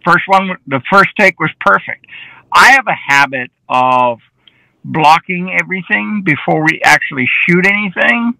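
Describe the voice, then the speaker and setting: A film director with a high-pitched, raspy voice that has a bright, forceful edge shares lively behind-the-scenes anecdotes in a casual interview at a moderate pace, often acting out the dialogue he quotes. The rough recording sounds close and dry, with no room sound.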